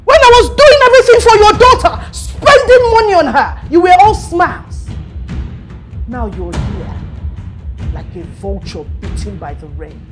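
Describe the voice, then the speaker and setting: A woman's voice: high-pitched, wildly swooping pitch, a little slow, long pauses, faint music behind, exaggerated voice. A woman with a Nigerian accent playing a wealthy, domineering middle-aged mother who is scornful and commanding in a film drama. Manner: scornful, commanding, shouting at times.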